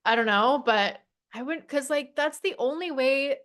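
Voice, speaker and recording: A woman's voice: high voice, moderate pace, fairly bright tone. A woman guest in a casual chat, talking emphatically with many fillers and some swearing.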